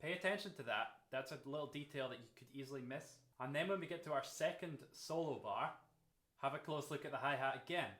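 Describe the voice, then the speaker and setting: A drum teacher talks through a rhythm at a steady pace and counts the beats out loud. His voice sits in the middle range for a man. The room gives it a noticeable echo. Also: medium pitch, fast talker. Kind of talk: instructional explanation. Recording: roomy echo.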